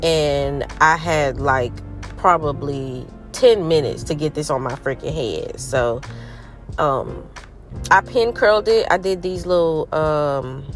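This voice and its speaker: Young woman vlogger, fairly low voice, stuffy nose from a cold, chatty and upbeat, talks at home. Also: slow, soft background music. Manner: chatty and upbeat, slangy, addresses viewers as y'all. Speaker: beauty vlogger. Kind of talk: casual vlog chat. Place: room at home.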